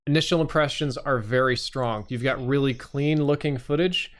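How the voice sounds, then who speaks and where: A man's voice: medium pitch, steady tone, moderate pace, faint music behind. A man hosting a live stream, reviewing channels with blunt, casual and sometimes profane critique.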